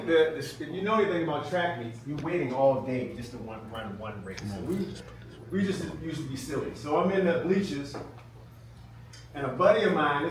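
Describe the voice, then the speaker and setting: A middle-aged man giving a playful, animated storytelling speech to a live audience, laughing often and acting out shouted quotes. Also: on the high side. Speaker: speaker at an event. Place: event hall with a live audience. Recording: echoey room from far off, noisy.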